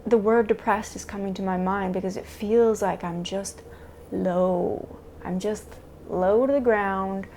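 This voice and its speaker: A woman vlogging a confessional self-talk monologue to camera, halting and searching for words with many restarts. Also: medium pitch, fairly even intonation, a little mellow, slight background noise. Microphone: camera mic.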